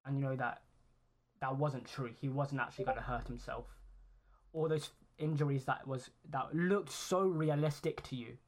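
A man in a mid-range voice narrating a tabletop game as game master. He talks slowly and deliberately, stacking repeated phrases to build the scene. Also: mid-range voice.

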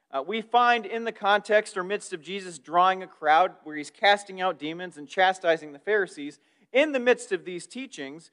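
High-voiced man preaching conversationally. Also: fairly bright tone. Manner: conversational teaching with asides and restarts. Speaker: pastor. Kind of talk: sermon.

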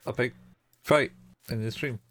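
A man co-hosting a casual podcast chat, retelling anime plot points haltingly with many fillers. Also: medium pitch, fairly even intonation, fairly bright tone, dry recording. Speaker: podcast co-host.

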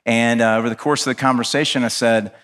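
A man's voice: medium pitch, fairly even intonation, quick pace, a bit bright. Earnest man preaching a sermon. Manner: earnest, impassioned storytelling; conversational asides with fillers. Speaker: pastor.

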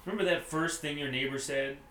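A man performing his part in a comedy script reading with a playful, jokey, excitable manner. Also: a little high, quick pace. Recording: echoey room, faint noise.

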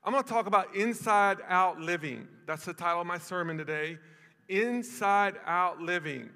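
Tennessee pastor with a bright, high voice. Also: male voice, steady tone, brisk, long reverb tail. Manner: folksy, repeats lines for emphasis. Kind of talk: sermon.

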